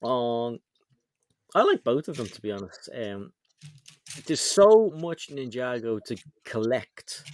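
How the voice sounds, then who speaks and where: A man runs a casual livestream chat, reading out viewers' comments in a chatty way. His pitch jumps around with a lot of life. The sound is dry and close. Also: sing-song, takes it slowly, no echo. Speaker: livestream co-host.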